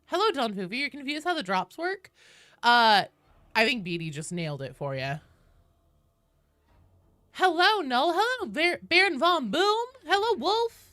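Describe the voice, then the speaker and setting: A woman's voice: high voice, big pitch swings, a little slow, long pauses, sharp tone, no echo. A young woman streaming a game, chatting casually and upbeat with viewers, swearing now and then and greeting people by name.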